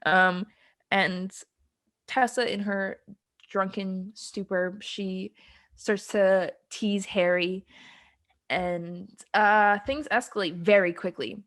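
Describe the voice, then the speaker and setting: A young woman co-hosting a podcast, her voice sitting at an ordinary middle pitch. She talks in a loose, rambling way, filling gaps with ums and breaking into giggles as she recaps scenes. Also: fairly even intonation, takes it slowly, fairly bright tone. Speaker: podcast co-host. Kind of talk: casual chat.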